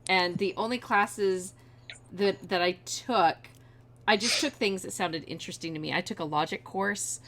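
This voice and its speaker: A woman's voice: mid-range voice, moderate pace, fairly bright tone, slight background noise. A woman co-hosting a casual chat, talking freely and laughing easily.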